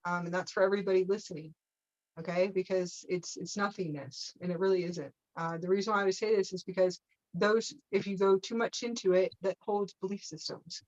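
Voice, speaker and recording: A woman guiding a live spiritual teaching session, her voice of middling pitch coming through dull, lo-fi call audio. She wanders from thought to thought, checks in again and again with "okay?", and drops playful asides with a laugh. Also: steady tone, a little fast, darkish tone. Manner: meandering, checks in with frequent "okay?".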